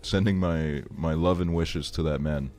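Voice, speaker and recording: A man's voice: very deep voice, steady tone, normal speed, darkish tone, soft background music. A man in his twenties telling a rambling story on a live stream, laughing often and swearing a lot. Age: 20s. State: tired. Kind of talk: casual stream chat, storytelling.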